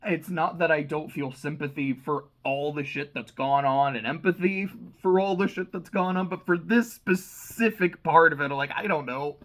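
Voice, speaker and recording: Slightly high-voiced young man, casual. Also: normal speed, hardly any pauses. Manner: loose, profane, animated retelling with frequent fillers. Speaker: book reviewer. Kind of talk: casual chat.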